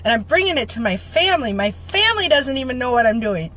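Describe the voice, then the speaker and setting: Woman vlogger, slightly high voice, emotional and rallying, repeats her lines for emphasis, close to tears. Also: big pitch swings, quick pace, a bit bright, poor audio. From Minnesota. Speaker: motivational vlogger. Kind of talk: heartfelt direct-to-camera update.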